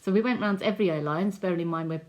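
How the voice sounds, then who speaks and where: A woman's voice: fairly low pitch, rapid-fire, a little mellow. A woman giving a personal faith testimony in an earnest, chatty storytelling way, full of likes and ums. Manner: earnest, heartfelt. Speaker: testimony speaker.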